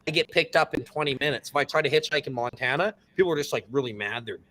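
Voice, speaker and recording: A Canadian man hosting a livestream, casually telling quick stories and acting out what people said. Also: mid-range voice, sharp tone. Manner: fast storytelling, swears, acts out quotes. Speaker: livestream host.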